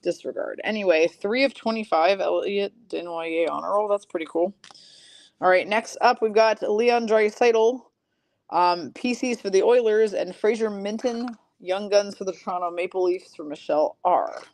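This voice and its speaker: A woman hosting a live card break, rattling off player and team names and chatting casually with viewers between pulls, clearing her throat now and then. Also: medium pitch, moderate pace, darkish tone.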